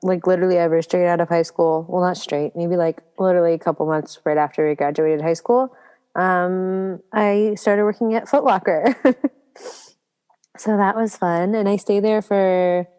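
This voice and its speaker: A woman's voice: on the low side, steady tone, normal speed, warm tone, clear, resonant tone, long reverb tail. A young woman co-hosting a podcast, chatting casually and laughing often as she jokes. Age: young adult. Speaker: podcast co-host. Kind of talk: casual chat.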